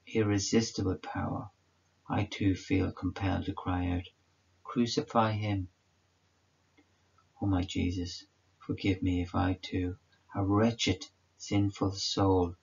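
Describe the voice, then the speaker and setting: A man's voice: sits low, creaky, slightly rough. A man giving a solemn, prayerful devotional meditation reading. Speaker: devotional reader. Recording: dull lo-fi recording.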